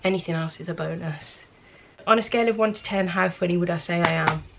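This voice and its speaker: A woman's voice: on the low side, quick pace, gravelly. A young woman with a Birmingham accent chatting candidly to camera about herself in a casual vlog recorded at home. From England. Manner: chatty, candid, self-deprecating. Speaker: vlogger. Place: indoors at home. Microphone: camera mic.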